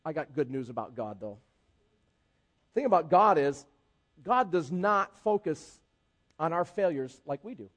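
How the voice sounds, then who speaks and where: A man's voice: on the high side, unhurried, pauses often. A male pastor preaching a sermon with humor and repetition for emphasis. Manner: animated, humorous, repeats for emphasis.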